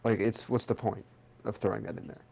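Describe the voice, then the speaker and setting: Gravelly low-voiced young man, casual podcast chat. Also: a little fast, darkish tone. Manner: rambling, swears casually, restarts sentences. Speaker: podcast co-host.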